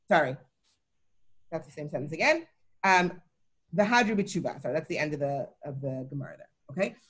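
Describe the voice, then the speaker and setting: A woman's voice: medium pitch, fairly bright tone. A woman teaching a Talmud study session, explaining each line and often checking in with her listeners. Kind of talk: co-taught text study session.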